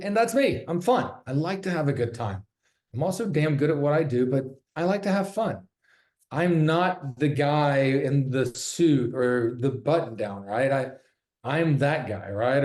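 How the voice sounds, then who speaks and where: A man's voice: medium pitch, darkish tone. A man who sells real estate, giving a casual, candid talk from his office, joking and swearing freely. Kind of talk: casual presentation. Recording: roomy echo.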